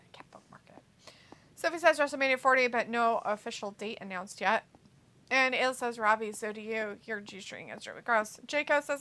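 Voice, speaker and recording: A woman with a bright, fairly high voice co-hosts a casual live stream. She chats loosely and reads viewer comments aloud with a joking edge. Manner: reads chat messages aloud, jokey and chatty. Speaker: watch-along co-host.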